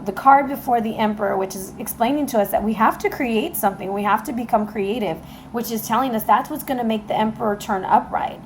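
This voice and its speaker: A woman giving a casual tarot reading to camera, excitable and emotional, talking straight to her viewers. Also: fairly high pitch, slight background noise, rough recording. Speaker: tarot reader. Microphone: camera mic.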